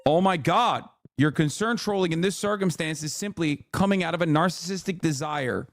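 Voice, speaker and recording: A man's voice: on the high side, normal speed, no room sound, clean studio sound. A man livestreaming political commentary, ranting angrily and sarcastically with heavy profanity, snapping back at his chat.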